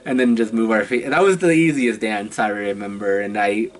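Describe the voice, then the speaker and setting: A man's voice: fairly low pitch, steady tone. Chatty young man telling theatre stories. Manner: chatty and halting, often laughing between phrases. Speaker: vlogger. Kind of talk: casual storytime vlog.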